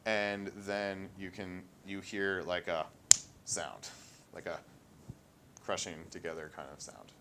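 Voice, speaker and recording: A man narrating as game master of a tabletop role-playing game, in a casual, halting way full of fillers. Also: low voice, steady tone, heavy background noise.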